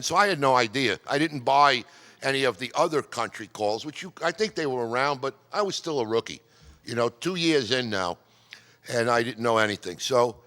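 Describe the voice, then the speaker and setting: A chatty, digressive middle-aged man from New York telling radio stories to a club audience. His voice is bright and forceful. It echoes with a long reverb, because he is speaking in a meeting hall. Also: mid-range voice. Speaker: amateur radio presenter. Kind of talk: casual storytelling talk.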